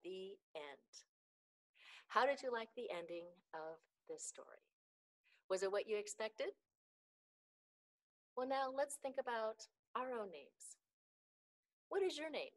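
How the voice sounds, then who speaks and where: Book club storyteller, woman, clear and careful read-aloud. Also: a little high, animated, slow pace, long pauses, poor audio.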